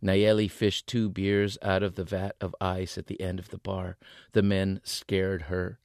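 A male author reading his novel aloud in an expressive way, voicing the characters. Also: low-pitched, measured pace, no room sound, studio quality.

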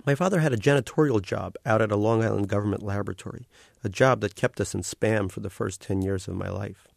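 A man reading aloud from his own novel, wry and deadpan, close to the mic. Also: lowish voice, quick pace, creaky, no room sound. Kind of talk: literary reading.

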